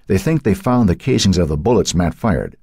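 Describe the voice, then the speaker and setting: A man voicing a calm, firm lawyer who speaks reassuringly, in an audiobook. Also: sits low, a little fast, vocal fry, breathy edge, no echo, studio quality, full character voice. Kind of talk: audiobook character voice.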